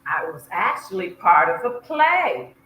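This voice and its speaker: A woman with a Southern US accent chats slowly and easily as a podcast guest, often laughing at her own slips. Her voice is bright and clear. She sounds like she is in an echoey room, with a faint hiss underneath. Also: on the low side, very animated. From South Georgia, US. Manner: unhurried, chatty, laughs at herself. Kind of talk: casual interview chat.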